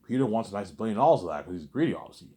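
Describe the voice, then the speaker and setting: A man's voice: on the low side, sing-song, very fast, warm tone. A man rambling in a casual vlog monologue, boastful and repetitive, swearing freely. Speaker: vlogger.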